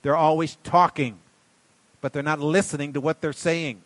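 A man preaching a sermon in a folksy way, swinging from quiet asides to loud emphatic bursts. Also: fairly high pitch, steady tone, moderate pace, no room sound. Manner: folksy, calls listeners buddy and darling. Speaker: pastor.

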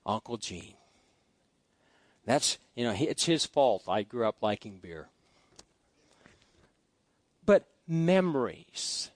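A man's voice: mid-range voice, big pitch swings, slow pace, pauses often, dry recording. Folksy male preacher telling stories. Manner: folksy, anecdotal, swings between loud asides and quiet musing. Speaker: pastor. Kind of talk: storytelling sermon. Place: church sanctuary.

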